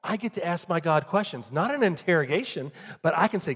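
A man preaching in a church sanctuary, his voice ringing out with a long hall reverb. He sits a little high for a man and moves between strong, emphatic lines and hushed, lower-voiced asides to the congregation. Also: sing-song, moderate pace, few pauses, husky. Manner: dynamic, swings from loud emphatic peaks to quiet low asides. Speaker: pastor. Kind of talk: sermon.

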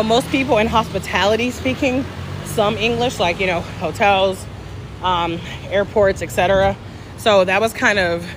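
Her voice sits at medium pitch, and the recording carries a slight hiss or hum. She is a middle-aged travel vlogger from the Southern United States, holding her phone at arm's length while strolling a busy city street and bantering with livestream viewers, joking and responding to what they write.

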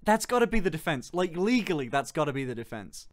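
Young streamer, light higher voice, fast and joking on a call. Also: male voice, sing-song. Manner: fast, joking, swears often, laughs a lot. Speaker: streamer host. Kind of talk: casual stream chat.

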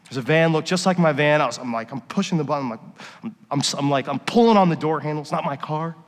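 A middle-aged man gives a sermon in a church, and his fairly high voice rings out into a long hall reverb. He tells personal stories in a hushed, confessional tone and then rises to emphatic, preacherly points. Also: fast. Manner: confessional storytelling, swings from quiet to emphatic. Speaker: worship pastor. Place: church sanctuary.

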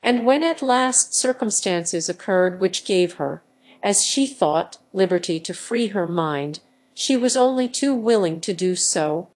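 A woman reading a classic novel aloud as an audiobook narrator, in a slow and even manner. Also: medium pitch. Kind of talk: scripted narration.

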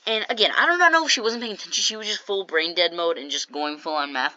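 A woman's voice: fairly low pitch, fast, hardly any pauses, pushed and bright, no room sound, muffled recording. A woman casually telling a storytime vlog, chatty and jokey, acting out what people said. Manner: chatty, jokey asides, acts out quoted lines. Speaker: storytime vlogger.

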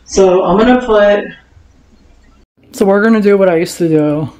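In a casual cook-along chat, a woman vlogger cooks in her home kitchen, rambling and talking to herself, captured by a camera and phone on the counter. She has a mid-range, darkish voice at a moderate pace, and the audio quality is poor.

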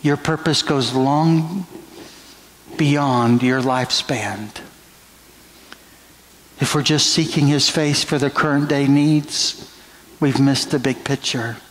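A middle-aged male pastor delivers a sermon at a slow, unhurried pace, leaning on long, drawn-out phrases. His voice sits at an ordinary middle pitch, and faint room noise runs beneath it. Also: rough recording. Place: church sanctuary.

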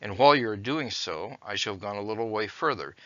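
Man reading wise tortoise in a fable, calm, logical, bright-toned, dull lo-fi sound. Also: on the low side, quick pace, no room sound. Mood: calmly reasoning. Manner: calm, reasoning step by step. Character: clever patient male tortoise from a fable.

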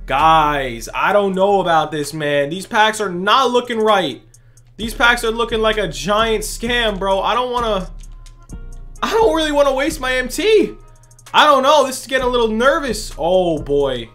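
Excitable young man doing gaming commentary. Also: high-pitched, a little slow, faint music behind. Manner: excitable, slangy, exclaiming in disbelief. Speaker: gaming YouTuber. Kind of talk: pack-opening gameplay commentary.

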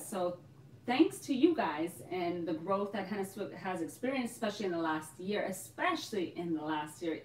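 Bubbly young woman hosting a live chat, mid pitch, roomy sound from off the mic. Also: a little mellow, far from the mic, a little hiss or hum. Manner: bubbly, laughs often, exclaims "oh my gosh". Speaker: host of a live Q&A for a hair care shop. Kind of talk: casual live-stream chat. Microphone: phone.

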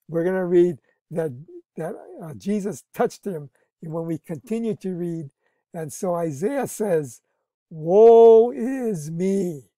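Mellow-voiced man teaching Bible study. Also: fairly high pitch, dry recording. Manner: earnest explaining, frequent restarts, stresses key words.

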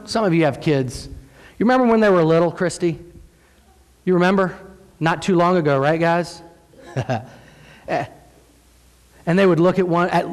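A man's voice: sits high, long reverb tail. A man in his thirties preaching a sermon in a church, telling the story with energy and acting out the voices he quotes. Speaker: pastor. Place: church sanctuary.

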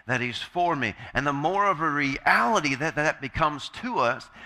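A male pastor delivers a sermon in a fairly high, sharp and forceful voice. He hammers home key phrases by repeating them and throws questions out to the congregation for them to answer. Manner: addresses congregation directly with call-and-response questions.

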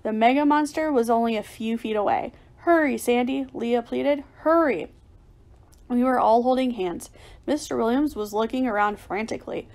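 A woman reading a children's adventure chapter aloud as storybook narration, lively and raising her voice for the shouted lines. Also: on the high side, vocal fry. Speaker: audiobook reader.

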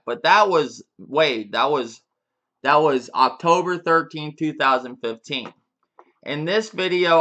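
A man's voice: fairly high pitch, sharp tone. A man giving a casual, profane rant to his viewers as a gaming YouTuber, with frequent chuckles and restarts.

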